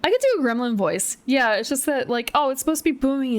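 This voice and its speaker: A woman's voice: sits high, lively intonation, fast. A young woman streamer reading a choose-your-path gamebook aloud, with chatty, giggly, self-deprecating asides.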